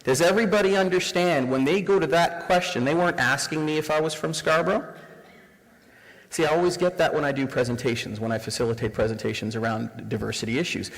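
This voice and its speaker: A man's voice: on the high side, steady tone, fast talker, vocal fry. A Canadian man in his forties giving a live diversity workshop, engaging the audience with rhetorical questions. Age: 40s. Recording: reverberant room sound.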